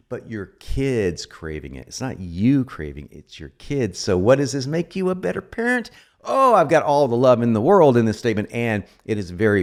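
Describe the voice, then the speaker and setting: A man giving an informal copywriting lesson, animated and joking as he explains. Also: mid-range voice. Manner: animated, joking asides, lively delivery. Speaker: copywriting instructor. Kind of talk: informal teaching.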